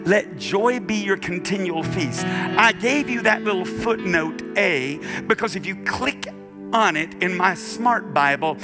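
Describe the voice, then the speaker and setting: A male pastor delivers a sermon at a slow, deliberate pace, his voice sitting high. He swings between hushed emphasis and shouted, almost sung lines. A keyboard plays steadily under him in the church. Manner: preaching, rising to shouts and half-singing. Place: church sanctuary with keyboard accompaniment. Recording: live church service with music behind. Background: keyboard music.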